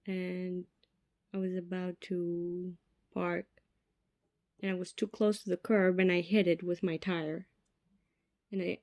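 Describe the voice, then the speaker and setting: Slow, mellow-voiced young woman podcasting. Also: lowish voice, no echo, studio quality. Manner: chatty and self-mocking, drops to whispered asides. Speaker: podcast host. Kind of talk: casual solo podcast chat.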